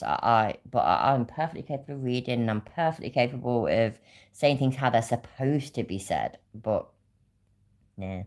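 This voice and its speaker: Very low-voiced swearing British woman. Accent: British English. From Britain. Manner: rambling, swearing, laughing chat. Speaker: streamer. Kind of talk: casual livestream chat.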